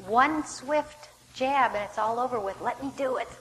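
A woman's voice: fairly high pitch, moderate pace, fairly bright tone, lightly acted. A woman voicing a fearless teenage male warrior who eagerly boasts of his skill, within a Bible story she is telling. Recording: long hall reverb, faint background noise.

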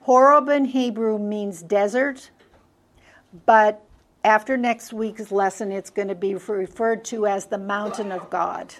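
A woman teaching a Bible study lesson in a middle-pitched voice. She often poses rhetorical questions to her class and then answers them herself. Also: steady tone, measured pace.

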